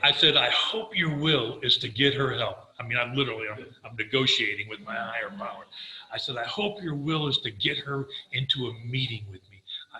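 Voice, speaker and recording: An older man speaks with earnest warmth as he tells his own recovery story and acts out the conversations in it. His voice is bright and forceful, and it rings through an echoey room. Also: medium pitch. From Florida. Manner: earnest storytelling, quoting himself, animated. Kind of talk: personal testimony talk.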